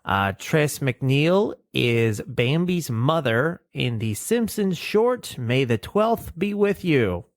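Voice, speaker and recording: Very animated yet slow, this medium-pitched man talks with few pauses in a studio-quality recording without room sound. He's a podcast co-host casually riffing on an old cartoon, joking and slipping into silly voices.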